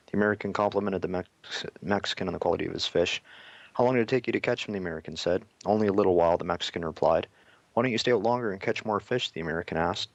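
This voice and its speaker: A man hosting a radio interview, speaking quickly with halting restarts and reading a story aloud. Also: deep voice, no room sound, muffled recording. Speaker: radio host.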